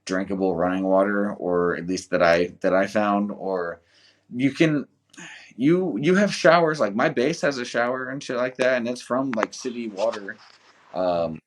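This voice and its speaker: A man's voice: lowish voice, normal speed. A young American man telling rambling, profanity-laced stories in a casual podcast chat. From United States. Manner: profane, rambling storyteller, swears a lot. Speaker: guest, volunteer soldier.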